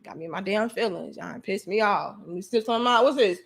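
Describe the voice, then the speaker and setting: A woman's voice: medium pitch, brisk, vocal fry. A woman hosting a livestream, delivering an emphatic, profane, preachy rant to her viewers. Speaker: livestream host.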